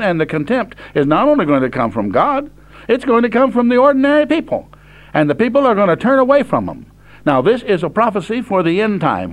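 An older man preaching a sermon, reading scripture verses slowly and then explaining them in plain, direct words. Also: high voice.

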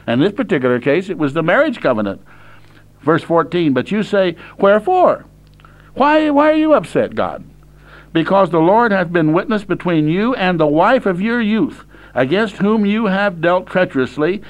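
An older man preaching a sermon, reading scripture verses slowly and then explaining them in plain, direct words. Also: sits high.

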